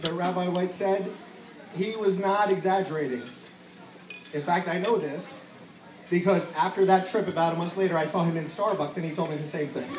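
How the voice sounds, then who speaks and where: This middle-aged man, toasting as a father at a family gathering, tells affectionate, humorous stories with a high-sitting voice and a somewhat dark tone. It's captured from afar in a reverberant hall, with a crowd in the background and a little noise.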